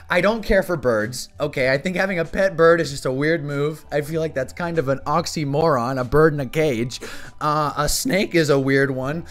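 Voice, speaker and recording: A man vlogger ranting to camera in an exasperated, animated way, swearing often. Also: a little high, moderate pace. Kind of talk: casual comedic rant to camera.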